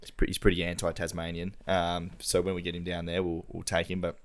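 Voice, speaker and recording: An Australian man co-hosting a podcast trades laid-back, slangy banter over a remote call. His deep voice is monotone and fairly quick.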